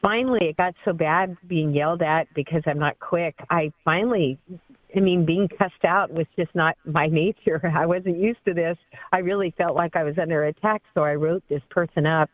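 A woman's voice: lowish voice, moderate pace, no room sound. A woman in her fifties phones in to a radio show and tells her story earnestly and with feeling. Her voice comes through a thin, tinny phone line with no room sound at all. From Southern California. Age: 50s. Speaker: caller. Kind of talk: call-in radio testimony.

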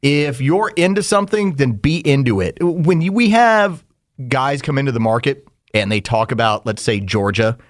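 A man co-hosting a sports talk show, launching into stories and putting on other people's voices as he tells them. His pitch sits in the ordinary middle range for a man. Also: big pitch swings, moderate pace, dry recording, clean studio sound. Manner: storytelling, emphatic, fond of acted quotes. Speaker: radio show co-host. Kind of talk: casual sports radio chat.

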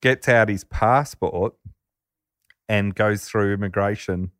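A man casually telling a true story to a co-host, animated and laughing often. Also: lowish voice, slow pace, no echo, studio quality.

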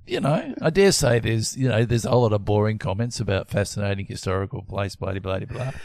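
A man's voice: lowish voice, expressive, fast talker, vocal fry, a little mellow, no room sound. A man in a casual chat, making wry, hesitant jokes and correcting himself.

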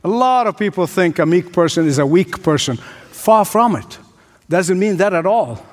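A man's voice: high-pitched, expressive, normal speed. A male pastor preaching a sermon with emphatic, repetitive rhetorical cadence. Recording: long hall reverb.

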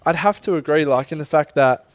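A man's voice: a little high, a little fast, no room sound. Chatty young man. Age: young adult. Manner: chatty, rambling, uses bloke and mate. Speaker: podcast co-host. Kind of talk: casual chat.

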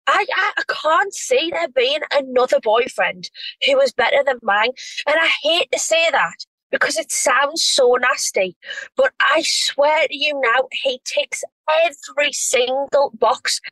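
A woman's voice: sits high, bright, forceful tone, no echo, low-quality recording. Gushing woman, dry mic. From North East England. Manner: effusive, gushing, lots of restarts. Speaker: reality TV star guest. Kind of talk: casual chat.

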